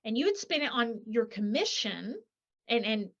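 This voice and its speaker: A woman author, speaking as a guest in an interview. Her voice sits fairly high, and her delivery is animated, with many rhetorical "right?"s and quick acted-out quotes. The recording sounds dull and lo-fi.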